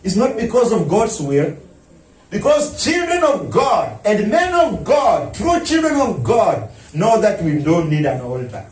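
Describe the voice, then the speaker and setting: High-voiced pastor preaching in an echoey hall. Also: male voice, huge pitch swings, unhurried. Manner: preaching with shouts and mocking impressions. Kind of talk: sermon. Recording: echoey room, mic at a distance.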